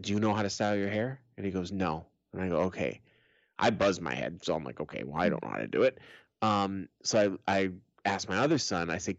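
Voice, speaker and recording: Middle aged guy telling stories on a podcast, lowish voice, swears a lot, dull dry sound. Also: dry recording. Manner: profane, laughing storyteller. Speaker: podcast co-host. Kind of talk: casual chat.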